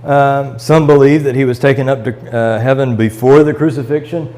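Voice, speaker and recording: A man with a Midwestern American accent teaches a Bible study in a church classroom, reading scripture aloud and explaining it with fillers and restarts. His voice is medium-pitched, mellow and steady, at a moderate pace. The audio is poor.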